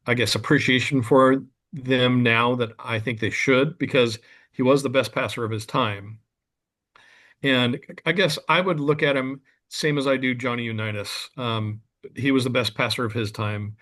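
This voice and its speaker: Earnest man making measured points. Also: mid-range voice, fairly bright tone. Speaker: card collector guest. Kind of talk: casual podcast chat.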